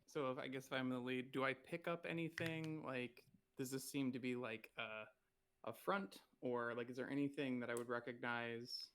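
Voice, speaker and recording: A man's voice: medium pitch, fairly even intonation, normal speed, fairly bright tone, clear, resonant tone. A man playing a tabletop game, asking tentative questions. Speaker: player.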